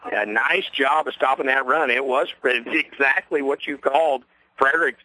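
A man doing play-by-play for a local radio broadcast of a ball game, folksy and rambling, quickening on big plays, with a voice worn from a long night. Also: medium pitch, sharp tone, no room sound, poor audio. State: losing his voice. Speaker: play-by-play announcer. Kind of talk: local radio sports commentary.

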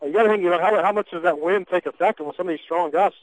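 A man doing play-by-play commentary of a high school football game for local radio, chatty and folksy, with frequent fillers and restarts. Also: racing, no room sound, low-quality recording. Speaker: play-by-play announcer.

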